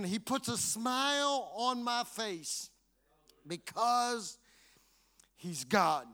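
A man's voice: very high-pitched, lively intonation, extremely slow, long pauses, pushed and bright. A man preaching a sermon to his congregation, building fervor through repetition. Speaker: pastor.

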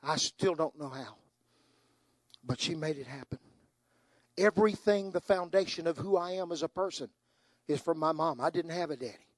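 An older man preaching a sermon, moving from hushed, tender storytelling to soaring, impassioned climaxes. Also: a little high, moderate pace, pauses often, dry recording.

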